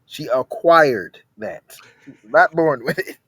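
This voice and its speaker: A man with a notably high voice talks in loose, animated podcast chat, piling up repeated words as he drives toward a point. The sound is close and dry, with no room around it. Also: a little slow, husky, no room sound. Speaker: podcast co-host. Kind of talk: casual chat.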